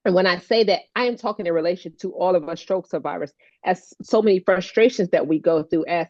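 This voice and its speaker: A woman co-hosting a heartfelt casual chat, animated and playful, laughing often. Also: fairly low pitch, fairly quick, hardly any pauses, no echo, dull audio. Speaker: co-host, stroke survivor advocate.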